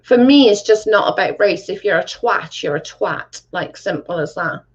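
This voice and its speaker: A woman's voice: medium pitch, expressive, moderate pace, slightly rough. A woman hosting a casual livestream and reading chat. She talks bluntly, swears freely and says "like" a lot. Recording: dull lo-fi sound.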